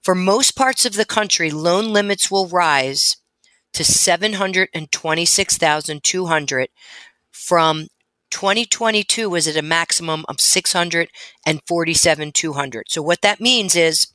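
A woman's voice: fairly low pitch, measured pace, pushed and bright, no echo. A woman co-hosting a talk radio show, explaining mortgage rates and loan figures. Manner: informative, reads out figures. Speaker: radio co-host, mortgage expert.

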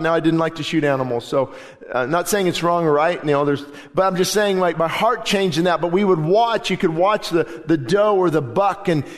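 Fervent high-voiced male preacher. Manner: fervent preaching that swells to loud emphatic declarations. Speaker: pastor. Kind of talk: sermon. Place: church sanctuary during a service.

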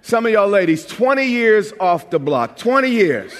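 A man from New York preaching with a high, bright-pitched voice and a lively, joking delivery that stumbles over repeated words. His sermon rings out through a large church sanctuary with a long, lingering reverb. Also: moderate pace, slight background noise. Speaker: pastor.

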